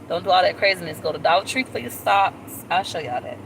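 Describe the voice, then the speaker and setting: A woman vlogger chatting casually on a live stream, animated and talkative, with squealing high jumps when she quotes people. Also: a little fast, gravelly, slight background noise, rough recording.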